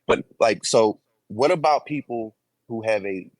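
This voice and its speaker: A man joining an online debate panel from his phone, asking a long question with many pauses and fillers. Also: on the low side, darkish tone, no echo, rough recording. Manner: hesitant, many fillers while building a question. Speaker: panel participant. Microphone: phone over voice chat.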